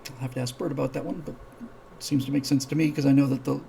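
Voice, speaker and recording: Gravelly-voiced man spinning a rambling story. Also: mid-range voice, steady tone, fast talker, warm tone, slight background noise, low-quality recording. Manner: rambling, many restarts, acts out dialogue. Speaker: show host. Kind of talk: live-streamed casual storytelling.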